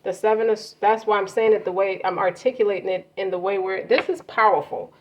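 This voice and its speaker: A woman's voice: mid-range voice, fairly even intonation, fairly quick. A woman giving a casual tarot card reading, talking loosely with slang and swearing. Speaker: tarot reader. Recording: muffled lo-fi audio with faint noise.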